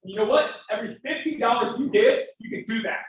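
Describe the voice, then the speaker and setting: At a live event in a very echoey hall, a fundraiser speaker with an extremely high-pitched voice talks fast, making a fervent, emphatic appeal to the audience and breaking into emotion. The lo-fi recording sounds distant, with faint noise.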